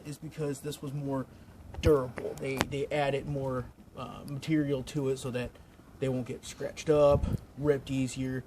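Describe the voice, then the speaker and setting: A man's voice: mid-range voice, background noise. A man filming a casual show-and-tell vlog outdoors in the snow, feeling cold and talking in a rambling, informal way. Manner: rambling, informal, restarts often. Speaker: WWII reenactor vlogger. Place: outdoors in snowy weather.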